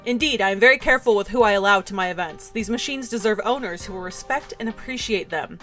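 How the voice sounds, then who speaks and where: A woman's voice: medium pitch, fast, fairly bright tone, faint music behind, natural voice. A woman reading aloud the lines of a pompous, courtly male arcade collector in a mock-grand, formal way.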